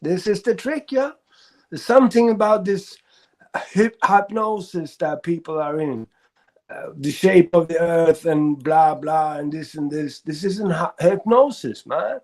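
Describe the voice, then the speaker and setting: A man's voice: a little high, measured pace, darkish tone. A man hosting a casual group chat, laughing often and talking emphatically.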